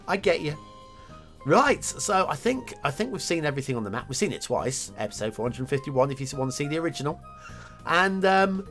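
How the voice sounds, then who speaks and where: A man's voice: on the high side, a bit bright. A man hosting a game map review show, chatting enthusiastically with filler words and self-corrections. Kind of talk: casual game commentary.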